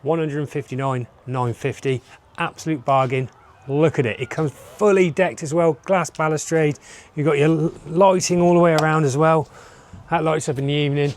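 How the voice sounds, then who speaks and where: In this enthusiastic property tour, a man shows off a holiday lodge room by room with upbeat sales talk, constantly speaking to viewers. His voice is a little high and darkish, his tone steady, and he talks at normal speed.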